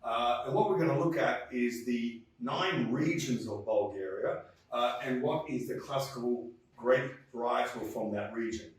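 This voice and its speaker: A man's voice: medium pitch, a little slow, few pauses. A man presenting a casual wine vlog, chatty and upbeat with lots of fillers. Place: wine store, indoors. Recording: very echoey store, mic far off.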